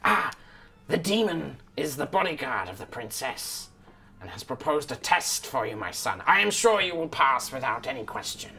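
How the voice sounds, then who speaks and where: A man voicing a stern but fatherly old kobold king in a tabletop game, with low, hushed, solemn speech. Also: sing-song, normal speed, vocal fry, slightly rough, heavily acted.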